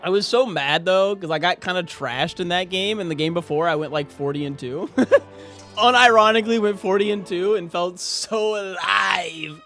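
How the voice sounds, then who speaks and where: A man with a high voice chatting casually with his viewers while he plays a game. He jokes constantly, slipping into low mumbles and then breaking into high-pitched yelps and laughter. Faint music plays underneath. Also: normal speed. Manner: joking, swings from mumbling to high shouts, frequent laughter. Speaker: streamer. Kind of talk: casual livestream chat while gaming.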